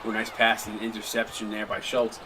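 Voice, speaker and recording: A man hosting a live stream, mixing casual chat with excited play-by-play calls. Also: lowish voice, fairly quick, slight background noise, low-quality recording. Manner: chatty, jokey, breaks into excited shot calls. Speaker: play-by-play commentator and stream host.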